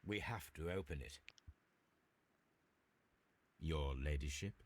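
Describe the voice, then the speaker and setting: An actor playing a calm, methodical Victorian detective in a video game, questioning witnesses in measured, formal speech. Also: male voice, a bass voice, heavily acted. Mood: probing.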